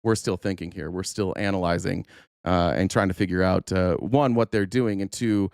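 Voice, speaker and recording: A man's voice: low-pitched, fairly even intonation, normal speed, vocal fry, a little mellow, clear, resonant tone, no echo, studio quality. A man streaming political commentary on YouTube, sarcastic and heated, rambling and swearing as he argues with his chat. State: openly angry. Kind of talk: casual live-stream commentary.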